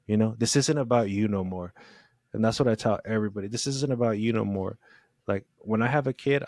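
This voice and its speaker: Low-voiced man, earnest podcast talk. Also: a little mellow, dry recording, studio quality. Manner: earnest, emphatic, swears casually. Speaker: podcast co-host. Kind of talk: casual heartfelt conversation.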